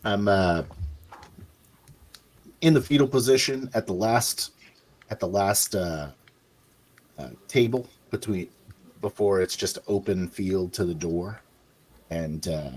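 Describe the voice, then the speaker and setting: A man playing a tabletop sci-fi game, describing his character's actions hesitantly with many pauses. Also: sits low, darkish tone. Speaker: player.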